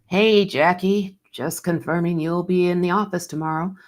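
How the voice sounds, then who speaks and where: A woman's voice: fairly low pitch, steady tone, moderate pace, close to an everyday voice. A woman reading the lines of a male supervisor leaving a friendly, breezy voicemail.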